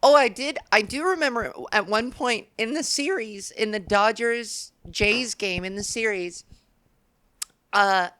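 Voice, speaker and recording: A woman's voice: mid-range voice, a bit bright. Crude, rambling woman podcast host. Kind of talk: comedic podcast monologue.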